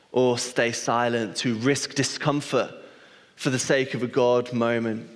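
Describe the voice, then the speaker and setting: A man preaches in a church hall, and long reverb trails after every phrase. He is a pastor, and his sermon runs chatty and self-deprecating, full of small restarts as he tells stories. His voice sits at an ordinary middle pitch for a man.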